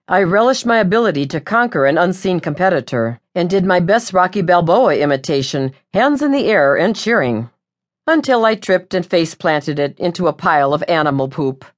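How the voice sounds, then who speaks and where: A woman narrating a first-person audiobook in a wry, lively way. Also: lowish voice.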